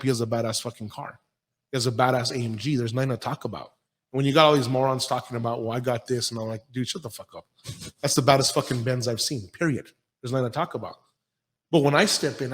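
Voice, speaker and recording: A blunt, foul-mouthed man hosts a casual podcast, telling stories in a middle-pitched voice. His voice carries a long reverb, as if recorded in a large echoing room. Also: slightly rough. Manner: blunt, heavy swearing, storytelling. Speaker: podcast host.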